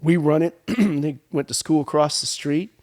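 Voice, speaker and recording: Male guest, animated storyteller, lightly raised pitch. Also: moderate pace. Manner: animated storyteller acting out quoted dialogue. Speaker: winemaker guest. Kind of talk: storytelling in casual chat.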